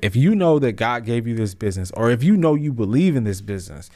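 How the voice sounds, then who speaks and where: A man's voice: medium pitch, very animated, quick pace, hardly any pauses, a little mellow. A man in his thirties hosting a podcast, delivering a casual motivational monologue with slang and many restarts that builds to emphatic peaks. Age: 30s. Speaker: podcast host.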